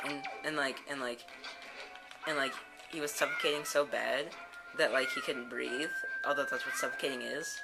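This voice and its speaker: A woman hosting a let's play, telling a rambling story packed with "and then, like.". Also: very deep voice. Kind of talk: rambling storytelling over gameplay. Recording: loud game music behind.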